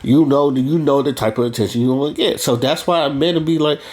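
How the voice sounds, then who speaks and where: A man's voice: mid-range voice, a little fast, hardly any pauses, a little mellow. A man talking bluntly in a casual monologue, profane and rambling, restarting his sentences as he goes. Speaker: vlogger.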